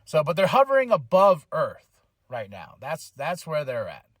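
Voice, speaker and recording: Rambling and slangy, a man hosting a podcast retells a film's story full of fillers as a casual review recap. He speaks at a moderate pace in a high-leaning voice with huge pitch swings, and the clean studio recording is dry.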